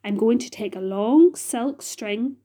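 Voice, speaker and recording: An earnest young boy from a storybook, as a woman reading aloud puts him on, thoughtful and steady. Her voice is a bit raised, with a mellow tone and a slow, careful pace. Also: on the high side. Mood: firm. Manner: earnest, quiet then firm.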